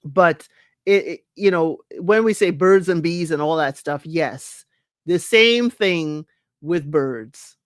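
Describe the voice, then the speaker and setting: Reading her live chat aloud during a casual recap, this podcast host speaks slowly in a low-pitched voice, laughing frequently. The studio sound is clean, with no echo.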